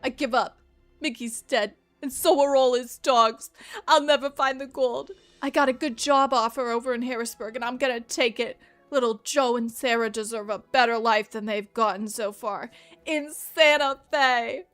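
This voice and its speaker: A woman's voice: a little high, fairly even intonation, moderate pace, a bit bright, natural voice. A woman voicing a struggling male treasure hunter from the 1930s, reading his journal aloud with a tough-guy gangster drawl. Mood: weary, rueful.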